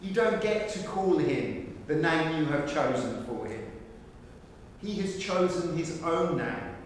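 A man's voice: a little high, animated, slow pace, a little hiss or hum. A middle-aged male pastor preaching an earnest sermon that rises to emphatic questions. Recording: echoey hall from far off.

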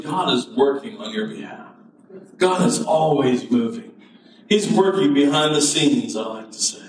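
Male pastor, somewhat high voice, preaching storyteller, booming hall reverb, set back from the mic. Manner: storytelling, builds to preaching fervor. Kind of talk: sermon. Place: church sanctuary. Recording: very echoey hall, mic at a distance.

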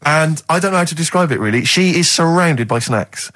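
A man's voice: on the high side, lively intonation, fairly quick, fairly bright tone. A man co-hosting a radio show, spinning wry, absurd comic stories in casual studio banter. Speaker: radio co-host.

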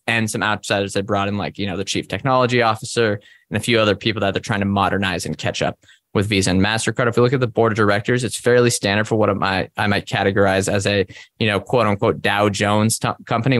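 A man co-hosting a casual podcast, talking in a measured, conversational way with frequent fillers. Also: fairly low pitch, fairly bright tone, no room sound, studio quality. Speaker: podcast co-host. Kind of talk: casual investing discussion.

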